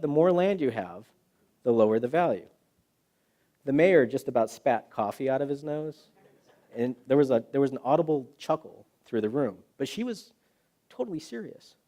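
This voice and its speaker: Guy giving a talk in a hall, mellow tone, keeps asking the crowd questions, acts out what people said. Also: a little high, fairly quick. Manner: animated storyteller, acts out quotes, rhetorical questions. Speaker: guest presenter. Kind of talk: public talk to a live audience.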